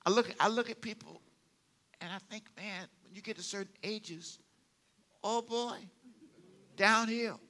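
An older man preaching a sermon, animated and humorous, telling stories with sudden drops to quiet asides. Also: high-pitched, a little slow, pauses often. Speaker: pastor.

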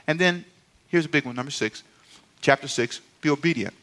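A man's voice: fairly high pitch, fairly quick, fairly bright tone. A middle-aged man, a pastor, preaching a sermon in a playful, conversational way and calling on the congregation to respond.

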